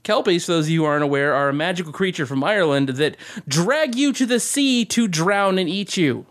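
A man's voice: a little high, lively intonation, a little fast, fairly bright tone. A man co-hosting a podcast, telling rambling stories in casual chat with lots of swearing and laughter. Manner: rambling, profane, laughing storyteller. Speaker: podcast co-host.

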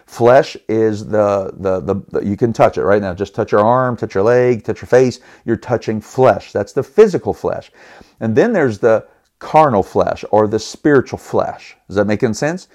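A man's voice: lowish voice, moderate pace, darkish tone. A man teaching the Bible on a podcast in a conversational, earnest way, often restarting his words and putting questions to the listeners. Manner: appeals to listeners with rhetorical questions.

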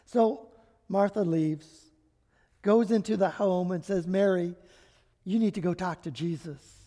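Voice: mid-range voice, a little slow, mellow. A pastor preaching a sermon, reading scripture aloud with dramatic emphasis and speaking in a personal, reflective way. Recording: long hall reverb.

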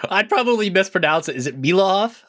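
A man's voice: high-pitched, expressive, fairly quick, fairly bright tone. A man hosting a podcast, upbeat, laughing along and prompting his guest. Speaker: podcast host.

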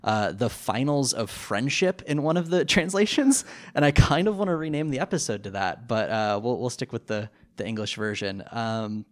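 A man co-hosting a casual podcast from his living room, chatty and quick to laugh, on a computer mic over a video call. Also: mid-range voice, lively intonation. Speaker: podcast co-host. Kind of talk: casual chat.

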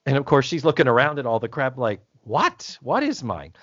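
A man's voice: medium pitch, wildly swooping pitch, brisk, fairly bright tone, no room sound. A man co-hosting a podcast, chatting casually as he recaps a TV episode, acting out the characters' lines and swearing freely. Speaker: podcast co-host. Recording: dull lo-fi dry sound.

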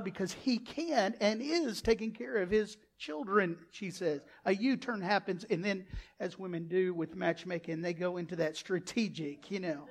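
Brief: male pastor, lively sermon delivery, loud bursts, acted-out quotes. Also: sits high, measured pace.

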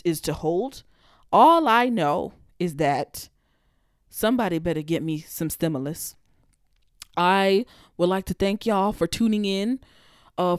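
A woman's voice: on the low side, a little mellow, smooth, no echo, clean studio sound. A woman hosting her own podcast, talking freestyle in a blunt, heated, profane monologue. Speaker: podcast host.

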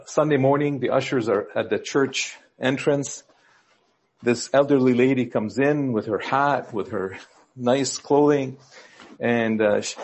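A man at the pulpit tells church jokes as part of his sermon, with a husky, slightly rough voice. He sits at a medium pitch and jumps higher whenever he voices the people in his stories. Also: darkish tone. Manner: storytelling, acting out quoted characters with lifts in pitch. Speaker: pastor.

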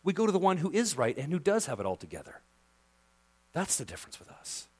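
A male pastor preaching a sermon with passion, dropping to a hush and then rising to loud emphasis. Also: fairly high pitch, huge pitch swings, fast talker, breathy edge. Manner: impassioned, swings from hushed to loud emphasis.

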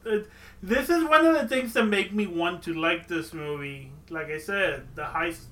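A man's voice: sits high, moderate pace, bright, forceful tone. A man chatting about a movie on a podcast, asking incredulous questions. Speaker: podcast co-host. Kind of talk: casual chat.

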